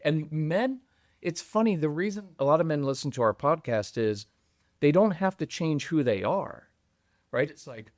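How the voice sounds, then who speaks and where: A middle-aged man with a slightly high voice talks as a podcast guest. He speaks in an animated way and slips into other people's voices to make a point. The sound is dry and close to the mic. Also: normal speed, dry recording. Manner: animated, acts out quoted voices with jumps in pitch. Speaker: podcast guest, parenting coach. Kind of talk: conversational interview.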